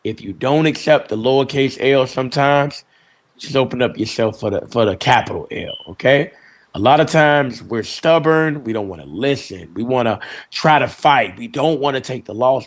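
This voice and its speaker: A man delivers a motivational lesson at a middle pitch. He speaks in short, punchy lines and repeats phrases for emphasis, directly addressing listeners. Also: lively intonation, moderate pace. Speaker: host. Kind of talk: motivational talk.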